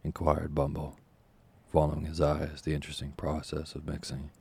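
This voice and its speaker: A man narrating a classic novel as an audiobook in a measured, formal storytelling manner. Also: extremely low pitch, monotone, vocal fry, darkish tone, breathy edge.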